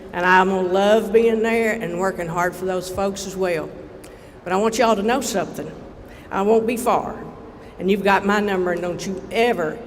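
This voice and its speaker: Folksy high-voiced Kentucky lawmaker. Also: male voice. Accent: Eastern Kentucky. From Eastern Kentucky. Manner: folksy, heartfelt, rising to rallying cries. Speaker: state legislator. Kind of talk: public dedication speech. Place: outdoor ceremony on a platform before a crowd. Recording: reverberant PA with crowd and background noise.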